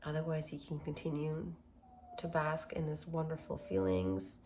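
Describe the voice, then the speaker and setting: A calm woman with a slightly low voice leads a guided meditation, speaking gentle affirmations. A faint hiss sits under her voice. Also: moderate pace. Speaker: self-love workshop host.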